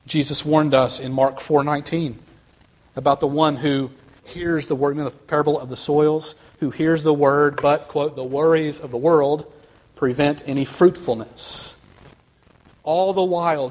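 A man preaching a sermon, speaking earnestly and building to quick, emphatic runs. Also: on the high side, darkish tone. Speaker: pastor.

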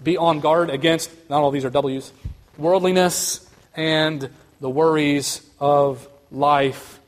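A man preaching a sermon, speaking earnestly and building to quick, emphatic runs. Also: on the high side, steady tone. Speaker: pastor.

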